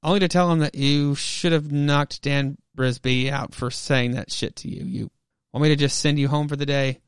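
Young worn-out principal, rambling and cursing, higher voice, dry sound; a man reads him. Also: fairly even intonation, moderate pace, smooth, no echo, lightly acted. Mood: frazzled. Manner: weary, swearing, rambling. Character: young frazzled male school principal.

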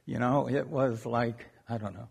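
A man's voice: mid-range voice, steady tone, moderate pace, gravelly, a little mellow, slightly rough. A man preaching a sermon in a conversational, joking way, often checking in with "okay?".

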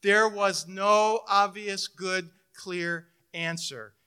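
A middle-aged man preaching a sermon as pastor, telling a personal story and swinging between loud emphasis and hushed, intimate moments. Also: high-pitched, fairly even intonation, very slow, smooth.

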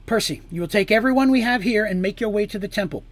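A man's voice: fairly high pitch, a little fast, slightly rough, dry recording. A man voicing a fierce, commanding woman who is a queen and priestess, speaking with force.

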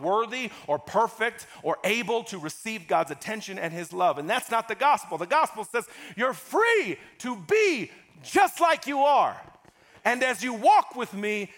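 A man preaching a sermon as a pastor in a church, calling out to the congregation and swinging from loud exclamations to hushed asides. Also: high voice.

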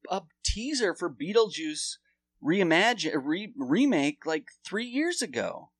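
A man's voice: high voice, sing-song, unhurried. A man telling rambling, profane stories in a casual chat.

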